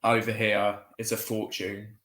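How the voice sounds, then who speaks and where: A man's voice: lowish voice, completely flat delivery, unhurried, a bit bright. A man chatting animatedly on a live call, often exclaiming. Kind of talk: casual chat on a live call. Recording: echoey room.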